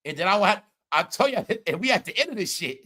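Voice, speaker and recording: Guy on a livestream going off, high bright voice, cussing and cracking up. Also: very animated, fast talker. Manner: loud, laughing, profane, repeats "all right?". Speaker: commentary livestream host. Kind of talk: casual livestream commentary.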